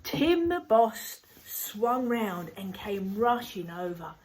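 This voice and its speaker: A woman reading a story aloud to a group, saying each phrase slowly and repeating it, often in a whisper, and playing up the characters' lines. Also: animated, slight background noise, rough recording. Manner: plays up the characters' lines with big jumps in pitch and loudness.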